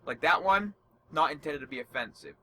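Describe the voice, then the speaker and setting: Male podcast co-host, bright tone, opinionated casual chat, faint background noise. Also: fairly high pitch, expressive, a little fast. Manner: opinionated, explains at length with many restarts.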